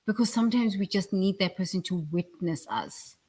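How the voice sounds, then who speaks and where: A woman giving a blunt, emphatic spiritual talk, with sudden loud bursts. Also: mid-range voice, moderate pace. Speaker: spiritual speaker.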